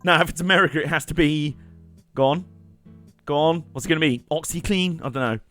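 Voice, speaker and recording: Chatty young streamer. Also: male voice, a little high, a little fast, a bit bright, faint music behind. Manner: chatty, joking, rambling asides with laughs. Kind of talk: live gameplay commentary.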